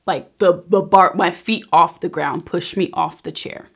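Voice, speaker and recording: A woman in her thirties telling a personal story in a casual storytime vlog, emphatic and animated, acting out what people said. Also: on the low side, unhurried, gravelly. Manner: emphatic, animated retelling, acting out quoted lines.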